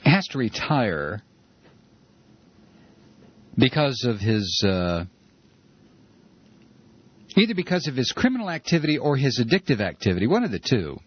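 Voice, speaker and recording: A man hosting a talk radio show, ranting sarcastically with a husky voice, over a dull, lo-fi radio broadcast. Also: mid-range voice, very animated, a little slow, pauses often. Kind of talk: opinionated talk radio monologue.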